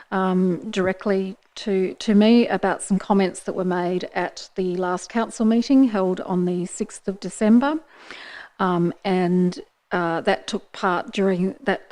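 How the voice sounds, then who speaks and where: Running a formal council meeting from the chamber, the mayor, a woman, talks into a desk microphone in a medium-pitched, somewhat mellow voice. Her procedural remarks are brisk, dotted with light asides, and the recording quality is low.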